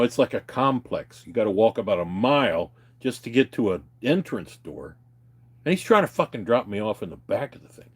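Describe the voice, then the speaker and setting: A middle-aged man rambling through crude, profane stories in a casual way, laughing often and mimicking other people. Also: mid-range voice. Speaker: streamer telling stories.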